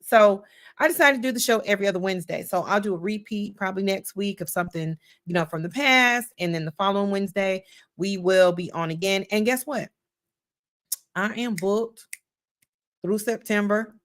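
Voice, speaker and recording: A woman with a medium-pitched voice, speaking at a normal speed, hosts a casual livestream talk show as a podcast host. Chatty, folksy, and playful, she repeats herself a lot and talks directly to her audience, calling them y'all.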